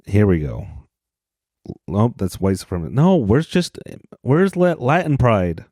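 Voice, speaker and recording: Male podcast host from Utah, low voice, mellow tone, rambling self-deprecating comedy monologue, dry close sound. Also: big pitch swings, unhurried, dry recording.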